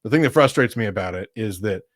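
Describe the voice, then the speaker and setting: A man's voice: on the low side, animated, fast, no echo, clean studio sound. A man co-hosting a casual religious conversation, chatty with frequent laughs and fillers. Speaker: podcast co-host.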